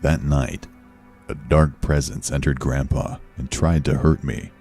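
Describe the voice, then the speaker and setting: A man giving a slow, measured scripted horror narration. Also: very deep voice, fairly even intonation, a little mellow, soft background music. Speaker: story narrator.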